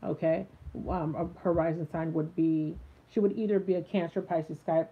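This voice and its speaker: Low woman's voice, live tarot reading, chatty with fillers, tinny phone-like sound. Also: steady tone, normal speed. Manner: chatty, many fillers, talks to live viewers. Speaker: tarot reader. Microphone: phone a little way off.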